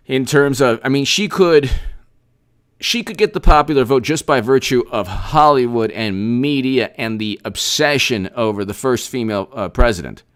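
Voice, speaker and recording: A man hosting a casual political commentary livestream, animated and repetitive, often restarting his sentences and speaking straight to viewers. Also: mid-range voice, clear, resonant tone. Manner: animated, repetitive, mock-quoting opponents, frequent restarts.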